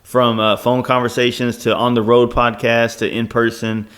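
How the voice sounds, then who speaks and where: A man co-hosting a podcast in casual chat, rambling and cursing freely. He sounds a little drunk, with a middle-pitched, ordinary voice. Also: little pitch movement, moderate pace, fairly bright tone. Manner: profane, rambling, jokey. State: slightly drunk. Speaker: podcast co-host.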